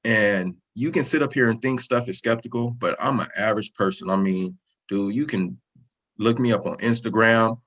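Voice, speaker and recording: A man in his thirties with a low, husky voice tells his story in a casual interview over a video call. He speaks earnestly and with feeling, running his phrases together loosely. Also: a bit bright, low-quality recording. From California. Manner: earnest, emotional, talks in loose run-on phrases. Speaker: interview guest, student sharing a success story.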